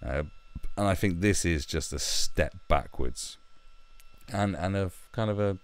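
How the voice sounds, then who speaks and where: A man's voice: deep voice, a little slow. A man giving rambling, sweary commentary and often restarting his sentences. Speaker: YouTube commentator. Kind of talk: ranting commentary.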